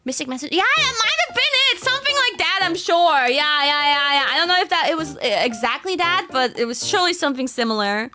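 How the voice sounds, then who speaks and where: A woman's voice: high voice, expressive, fast, few pauses, music in the background. A young woman chatting casually on her stream, rambling with fillers and frequent giggles. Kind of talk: casual chat.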